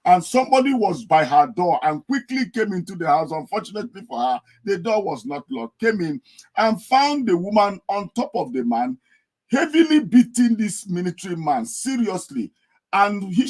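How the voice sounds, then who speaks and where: His voice sits high and is a little mellow, very animated at a moderate pace, though the audio is poor. This man, a guest in a UK podcast discussion, earnestly uses stories to argue his point and acts out a wailing wife.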